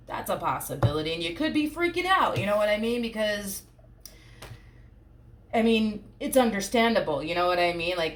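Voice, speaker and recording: A woman's voice: sits low, a little hiss or hum. A woman giving a casual tarot reading to her viewers, chatty and reassuring, repeating herself and filling gaps with "you know what I mean". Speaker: tarot reader.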